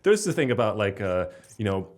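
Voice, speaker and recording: A man's voice: fairly low pitch, very animated, a little fast. A young man from Slovenia, a stand-up comedian, chatting as a podcast guest in a rambling, jokey, sweary way. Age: 20s. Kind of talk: casual podcast interview.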